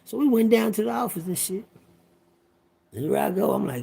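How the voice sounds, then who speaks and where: A man's voice: high voice, lively intonation, fast talker, gravelly, mellow, husky. A man in his fifties telling a personal story in a rambling, profane way, talking straight to his listeners. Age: 50s.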